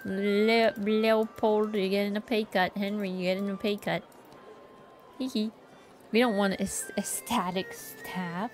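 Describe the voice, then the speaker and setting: A woman's voice: medium pitch, fairly even intonation, measured pace, soft background music. A woman streaming a game, chatting casually to herself in a playful, jokingly bossy way. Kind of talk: casual gameplay commentary.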